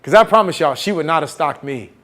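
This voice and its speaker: Motivational speaker, male, slightly high voice, animated storyteller who gets the crowd answering back. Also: quick pace. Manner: animated, acts out the voices of people in his story; calls out to the audience and gets them to answer back. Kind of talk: storytelling keynote to students. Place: campus event hall.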